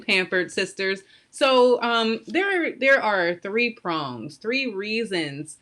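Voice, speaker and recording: A woman's voice: medium pitch, sing-song, slow, hardly any pauses, fairly bright tone. A woman in her thirties or forties hosting a casual live stream from home on a computer mic. She talks chattily and greets her viewers by name. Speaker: live stream host, soap maker.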